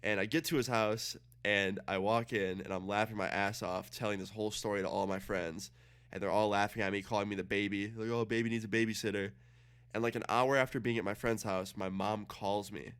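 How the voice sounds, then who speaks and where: A man's voice: on the low side, fairly even intonation, fairly bright tone, smooth. A young man streaming a game, telling a story in a casual, profane way and acting out the dialogue. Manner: fast, profane, acts out dialogue. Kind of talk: casual storytelling while gaming.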